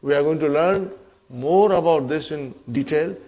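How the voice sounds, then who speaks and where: A man's voice: on the high side, normal speed, warm tone, lo-fi sound. A man teaching an Arabic grammar lesson to a class, often checking in with "huh?" and "are you with me?".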